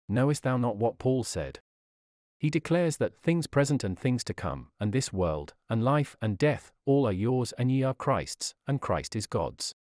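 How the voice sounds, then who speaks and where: A man's voice: medium pitch, a little mellow, no room sound, clean studio sound. A man delivering an old-fashioned sermon in an earnest, rhetorical preaching manner. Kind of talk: sermon reading.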